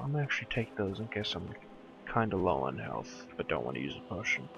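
A man casually commenting on his gameplay, swearing, muttering to himself and yelling at his companion. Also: sits low, big pitch swings, fast talker, gravelly. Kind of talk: casual let's play commentary.

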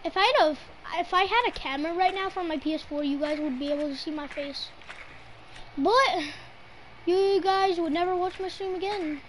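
Very high-voiced excitable female gamer. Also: normal speed, noisy background. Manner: excitable, teasing, mock-outraged at teammates. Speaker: gamer streaming her play. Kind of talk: live gameplay commentary.

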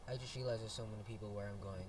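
A man's voice: fairly low pitch, steady tone, rapid-fire. A young man casually commenting on his own game as he plays, goofy and swearing a lot, talking to himself in bursts. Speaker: gameplay video host. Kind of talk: solo let's play commentary. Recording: distant mic, loud background noise.

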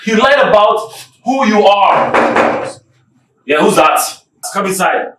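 A man acting in a film as a broke man who shouts and scolds, his voice rising and falling. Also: sits high, animated, slow, background noise. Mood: angry. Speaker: deceived partner, broke son. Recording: echoey room with background music.

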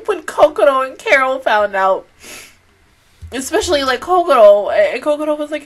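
A young woman reviewing an anime episode in a casual, emotional way, gushing and laughing through tears, then softer and lower when she calms down. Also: moderate pace. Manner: gushing, tearful, laughing between words. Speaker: anime reaction YouTuber.

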